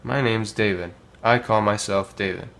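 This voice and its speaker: A man teaching a casual language lesson, modelling phrases slowly with many pauses and filler words. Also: on the low side, steady tone, gravelly, a bit bright, a little hiss or hum. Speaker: Spanish teacher.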